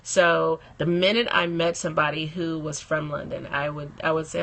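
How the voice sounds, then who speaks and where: A woman's voice: deep voice, little pitch movement, moderate pace, vocal fry, a bit bright, slight background noise. A woman hosting a casual live stream from her phone, chatting and laughing often and greeting viewers by name.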